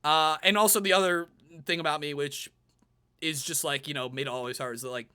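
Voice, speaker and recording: A man's voice: fairly high pitch, fairly quick, smooth. A young man on a panel, telling a personal story in casual chat and acting out his own past remarks. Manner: animated, quotes himself in lively acted-out asides. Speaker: panel guest.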